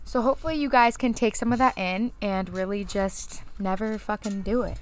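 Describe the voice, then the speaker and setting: A woman's voice: mid-range voice, normal speed. A young woman co-hosting a casual chat podcast, sassy and exasperated, recorded on a porch. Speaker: podcast co-host. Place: outdoors on a porch.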